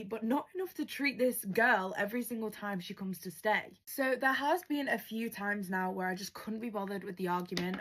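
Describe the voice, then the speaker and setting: Sassy woman telling a story. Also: mid-range voice. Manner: sassy, wry comments between reading. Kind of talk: storytime narration with asides.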